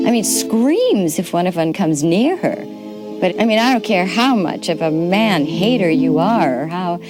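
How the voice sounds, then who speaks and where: An actress interviewed for a documentary, candid and animated, with playful asides. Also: female voice, lowish voice. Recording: music playing under the voice.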